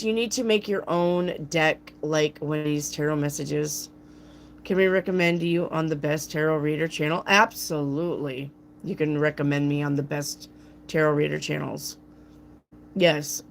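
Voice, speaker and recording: A woman with a gruff, raspy voice, hosting a live tarot reading and chatting playfully with viewers by name. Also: low voice, a little hiss or hum. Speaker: tarot reader, channel host. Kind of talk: live-stream tarot reading, answering chat.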